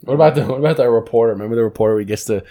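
A man co-hosting a casual cigar podcast, joking around and pitching for subscribers. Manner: joking, animated, quick sign-off pitch. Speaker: podcast co-host. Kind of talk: casual chat.

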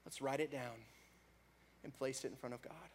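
A man preaching a sermon, rising to loud, fervent prayer and dropping back to a soft, conversational tone. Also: steady tone, moderate pace, slight background noise. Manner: builds to loud, high-pitched fervor in prayers; drops to soft, low conversational tone between peaks. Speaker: pastor.

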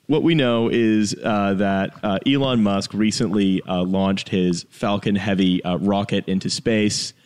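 A man's voice: on the low side, fairly even intonation, measured pace, few pauses, a little mellow, smooth. A man hosting a comedic podcast over a call, steering the chat with frequent ums and uhs. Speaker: podcast host. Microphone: remote call.

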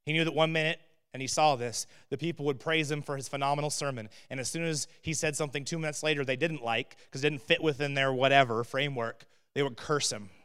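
A man preaching a sermon in a conversational way, with rhetorical questions and swings from loud emphatic bursts to quiet asides. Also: mid-range voice, clean tone. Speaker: pastor.

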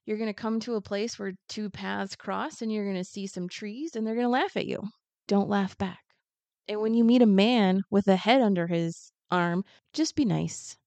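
A woman voicing a mysterious old woman in the woods who calmly gives advice, as part of a story retelling. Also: medium pitch, normal speed, no echo, dull audio, lightly acted. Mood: advising. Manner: calm, instructive.

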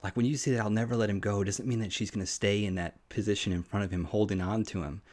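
A man's voice: on the low side, fairly even intonation, fast talker, darkish tone. A man hosting a devotional podcast, preaching in an earnest, heartfelt, personal way and often restarting his sentences. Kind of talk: conversational sermon.

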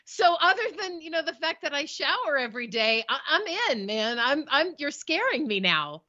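A woman's voice: high-pitched, very animated, moderate pace, sharp tone. A woman co-hosting a podcast, joking with playful mock concern. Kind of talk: casual podcast chat. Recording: dull lo-fi audio.

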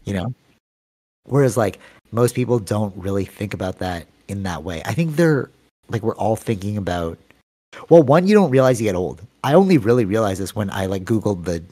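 Hosting a laid-back podcast conversation, a man in his thirties talks with real energy and leans on "like" and "you know" a lot. His pitch is fairly low and his tone dark, with lively intonation at a normal speed.

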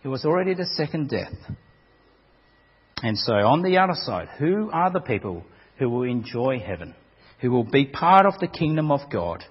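Husky preacher guy, up and down voice, dramatic delivery, long hall echo. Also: mid-range voice, very animated, moderate pace. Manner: dramatic, repeats words as he talks. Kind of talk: sermon. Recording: dull recording with long hall reverb.

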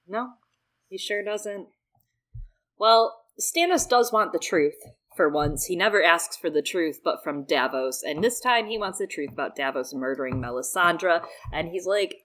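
Woman, low-mid voice, casual swearing podcast recapper who acts out the dialogue. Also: unhurried, rough recording. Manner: lively, profane, acts out characters' lines.

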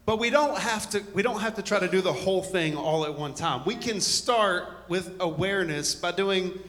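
Bright-voiced pastor, joking. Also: male voice, sits high, normal speed, long reverb tail. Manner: joking, rambling asides, warm storytelling. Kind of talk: conversational sermon.

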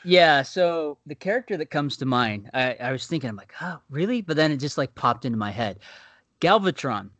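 A man in casual podcast chat who sounds excitable and tends to trail off mid-thought. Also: medium pitch, moderate pace, no echo.

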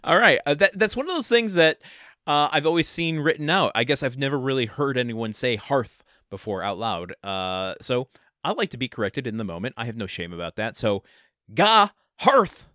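Bright-voiced man with dry jokes. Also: mid-range voice, brisk, no room sound. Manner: dry, joking asides, hesitant fillers. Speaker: podcast co-host. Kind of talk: casual chat.

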